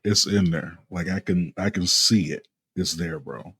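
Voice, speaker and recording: A man's voice: sits low, unhurried, a bit bright, husky, dry recording. Slangy laid-back man, dry sound. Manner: laid-back slangy banter, laughs often. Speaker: podcast co-host. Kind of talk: casual chat.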